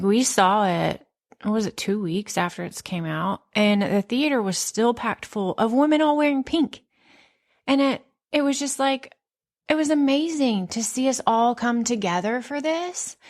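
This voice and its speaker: A woman in her thirties hosting a podcast, telling stories in a candid, profane, animated casual chat. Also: mid-range voice, vocal fry. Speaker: podcast host.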